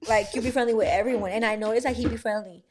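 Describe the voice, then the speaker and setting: A woman's voice: fairly high pitch, fairly even intonation, racing, a crowd in the background. A young woman co-hosting a podcast in casual chat, slangy and sarcastic, laughing often. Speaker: podcast co-host.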